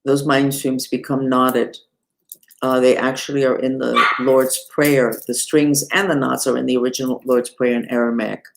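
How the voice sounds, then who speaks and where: A woman who teaches mantras and meditation, giving an unhurried live-streamed lesson and talking straight to her viewers. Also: rumbling low, level tone, creaky, a little hiss or hum. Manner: unhurried, talks to viewers and reads the chat aloud.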